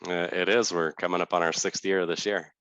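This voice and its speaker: A man with an extremely deep, low voice, recorded dry and close. He runs his own company and answers interview questions with hesitant restarts. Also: steady tone, brisk, fairly bright tone, clear, resonant tone, no room sound. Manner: hesitant, many fillers and restarts. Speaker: company founder and CEO.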